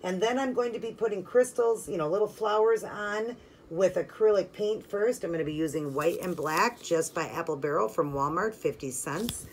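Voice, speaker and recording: A woman's voice: lowish voice, moderate pace, slight background noise. A woman hosting a nail art channel, talking casually step by step through her work with lots of "like" and "you know". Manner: chatty and friendly, filler-heavy ("like", "you know"); instructive, talks while working hands-on. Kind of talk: casual step-by-step tutorial narration.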